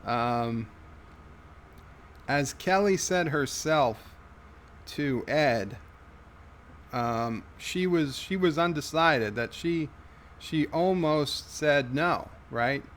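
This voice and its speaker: A man hosting a livestream, reading viewer comments aloud in a halting, wry way. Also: on the high side, expressive, fairly bright tone, a little hiss or hum. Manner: halting, many fillers and restarts, wry. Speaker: livestream host.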